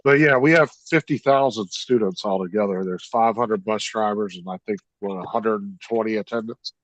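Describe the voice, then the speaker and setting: A man's voice: fairly low pitch, normal speed, no room sound, highs cut off. A blunt man chatting casually on a live stream, swearing now and then. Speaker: school bus district worker.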